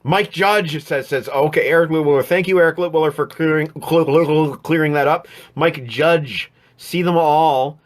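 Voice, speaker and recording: A man's voice: on the high side, moderate pace, hardly any pauses. A man hosting a live stream from home, chatting casually and rambling through viewer comments with many restarts. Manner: rambling, frequent restarts and fillers.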